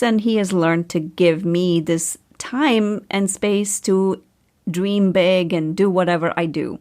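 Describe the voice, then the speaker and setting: A middle-aged woman, a podcast host and coach, telling a personal story in a chatty, animated way and laughing often. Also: slow. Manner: chatty, animated, laughs often, pitch jumps up when excited.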